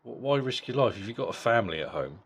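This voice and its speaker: A man's voice: mid-range voice, animated, fast talker, a bit bright, a little hiss or hum. A middle-aged man giving a casual, blunt boxing fight review, swearing freely and often repeating words as he goes. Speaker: boxing vlogger.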